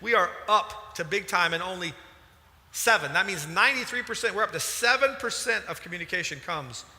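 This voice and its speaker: Bright-voiced man preaching in a hall. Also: high-pitched, a little fast. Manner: animated, emphatic preaching with sudden loud bursts. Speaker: pastor. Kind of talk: sermon. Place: church hall. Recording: large hall reverb.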